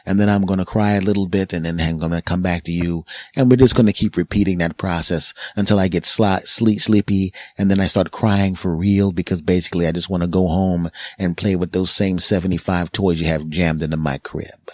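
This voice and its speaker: A man's voice: low voice, steady tone, brisk, hardly any pauses, darkish tone, no echo. A man voicing a rambling, bossy baby boy who talks like a grown-up. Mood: chatty. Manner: rambling, matter-of-fact, bossy. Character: chatty bossy baby boy, talking like an adult.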